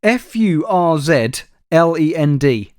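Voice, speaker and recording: A man reading news stories aloud on a comedy podcast, dry and wry in his delivery. His voice sits a little high for a man, and the sound is close and dry with no room echo. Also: expressive, takes it slowly, a little mellow. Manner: dry, wry delivery, addresses co-host by name. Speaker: podcast co-host.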